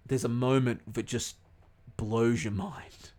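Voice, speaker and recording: A man's voice: medium pitch, fairly even intonation, takes it slowly, darkish tone. Rambling, swearing young man on a podcast. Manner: rambling, swears a lot, loses his words. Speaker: podcast co-host. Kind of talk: casual podcast chat.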